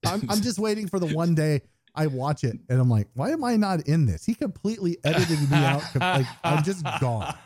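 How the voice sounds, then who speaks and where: A man's voice: a little high, expressive, a little fast, a little mellow, dry recording. An American man co-hosting a podcast, chatting casually, swearing and joking at his own expense. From United States. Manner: profane, joking, self-deprecating. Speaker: podcast co-host. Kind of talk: casual chat, reading listener feedback. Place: home, remote call.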